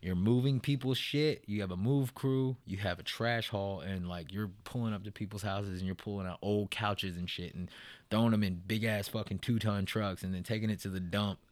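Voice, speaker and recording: A man's voice: on the low side, fairly even intonation, moderate pace, no echo. A man in a casual interview, telling his own story in a profane, rambling way, full of "man" and "bro".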